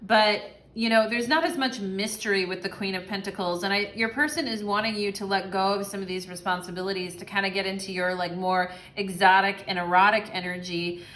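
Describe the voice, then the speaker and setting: A young woman doing a casual pick-a-card tarot reading, chatty and sassy, with frequent cursing, who acts out quick little voices. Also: mid-range voice, steady tone, a bit bright. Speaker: tarot reader.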